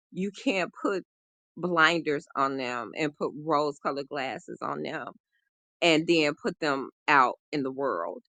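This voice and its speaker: Bright-voiced woman telling a story. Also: low-pitched, no echo. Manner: animated, acts out quoted voices, frequent "you know". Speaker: guest, relationship coach. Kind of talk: personal storytelling in conversation.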